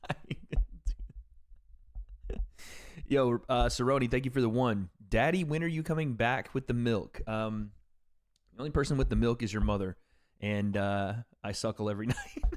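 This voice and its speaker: A man's voice: mid-range voice, normal speed, long pauses. A man hosting a casual livestream, reacting to fights and joking with chat in a rambling way. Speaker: livestream host reading chat. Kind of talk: casual live commentary on fights.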